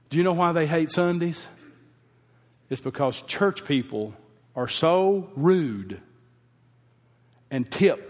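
A man, a pastor telling a heartfelt personal story in a folksy sermon. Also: on the high side. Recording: long hall reverb.

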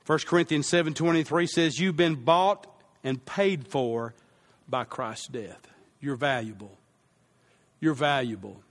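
A man's voice: medium pitch, unhurried. A male pastor preaching a sermon, repeating key lines for emphasis and leading the congregation to say phrases back with him.

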